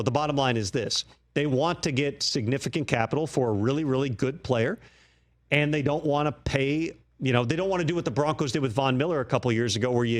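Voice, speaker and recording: A man guest-hosting a sports talk show, breaking down trade news in a measured, analytical way. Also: mid-range voice. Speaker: guest host.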